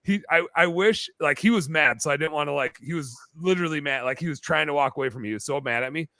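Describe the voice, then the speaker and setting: Animated bright-voiced man telling stories. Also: on the high side, fast, no room sound. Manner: animated storyteller, many fillers. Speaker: podcast guest. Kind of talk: casual storytelling chat. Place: bar-themed podcast set.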